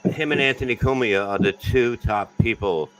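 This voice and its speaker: A man's voice: mid-range voice, normal speed, fairly bright tone, poor audio. A man, a comedian guest, talking bluntly and profanely in a casual podcast chat.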